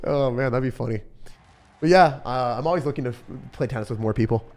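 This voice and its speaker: A man's voice: medium pitch, sing-song, brisk, a little mellow, faint music behind. A young man chatting casually on a livestream, commenting on his game and answering questions from chat in a self-deprecating way. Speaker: streamer.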